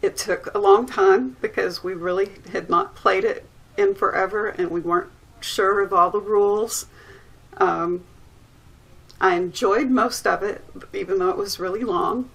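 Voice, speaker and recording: Gravelly-voiced woman giving a soft recap. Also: medium pitch, steady tone, unhurried, poor audio. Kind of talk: casual recap to camera.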